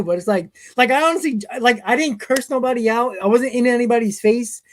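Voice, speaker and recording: A man's voice: very high-pitched, fast talker, hardly any pauses, a little hiss or hum. A man hosting a live stream, reading chat comments and telling stories in a casual way, often chuckling. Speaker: host.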